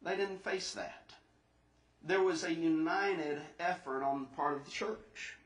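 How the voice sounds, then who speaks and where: A man preaching a sermon in a church, earnest and emphatic, slowing down to stress scripture and rising into questions. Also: a little high, distant mic. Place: church sanctuary. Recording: echoey church recorded from afar.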